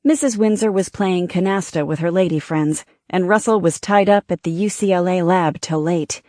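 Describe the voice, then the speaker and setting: A woman narrating an audiobook with a steady, measured delivery. Her voice sits on the low side and the recording is close and completely dry. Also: no echo.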